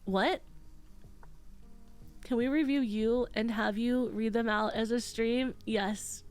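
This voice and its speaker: A woman's voice: a little high, fairly even intonation, slow pace, long pauses, clean tone. A woman streamer, nose stuffy after crying, chatting casually and reading out her chat, candid and swearing freely.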